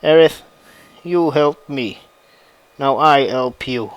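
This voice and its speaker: A man's voice: mid-range voice, slow pace, clear, resonant tone, no room sound, natural voice, low-quality recording. A man voicing a grieving, fierce young woman fighter, read aloud in a plain fan story narration. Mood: defiant.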